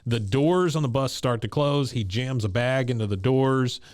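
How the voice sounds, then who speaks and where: A man's voice: medium pitch, moderate pace, darkish tone, no echo, clean studio sound. A man co-hosting a podcast, casually retelling an episode scene by scene and laughing often. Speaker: podcast co-host recapping an episode. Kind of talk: casual chat.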